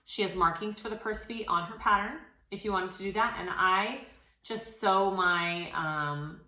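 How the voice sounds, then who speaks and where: A woman's voice: medium pitch, a little slow, sharp tone. A woman hosting a sewing tutorial, talking casually and encouragingly with frequent fillers. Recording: echoey room.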